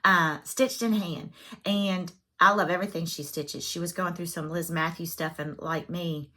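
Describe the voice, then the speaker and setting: A woman's voice: fairly low pitch, steady tone, moderate pace, pushed and bright. A woman chatting casually as a cross-stitch vlogger, self-deprecating and full of fillers. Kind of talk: casual chat.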